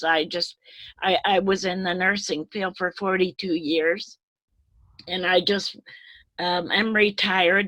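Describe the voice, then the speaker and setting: An eighty-year-old retired nurse speaking on a video call, tearful and halting, repeating her words as she rambles. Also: on the low side, sharp tone, no echo, poor audio. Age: 80s. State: tearful, voice breaking. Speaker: retired nurse, webinar attendee. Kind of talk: emotional open-floor remarks on a video call.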